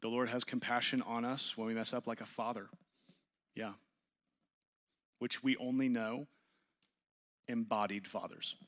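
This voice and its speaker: A man guides a group through scripture in a Bible study, reading aloud, explaining, and asking questions. He talks in an unhurried, steady tone with frequent pauses, and his voice climbs in pitch and volume to stress key points.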